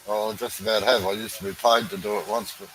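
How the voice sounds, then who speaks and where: Aussie bloke, bright forceful voice, easygoing drawl, bit of slang. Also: male voice, fairly low pitch, flat delivery, fast talker, slight background noise, rough recording. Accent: Australian. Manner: laid-back, drawling with blunt local slang. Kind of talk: casual chat.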